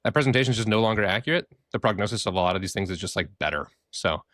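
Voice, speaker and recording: Animated, playful man with a lowish voice. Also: racing, no echo, studio quality. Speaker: podcast co-host. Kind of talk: casual chat.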